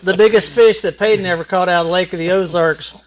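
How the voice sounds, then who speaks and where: An older man with a Missouri accent, a guest telling fishing stories in a folksy, animated way. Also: sits high, a little fast. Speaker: guest, retired water patrolman. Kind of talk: casual storytelling.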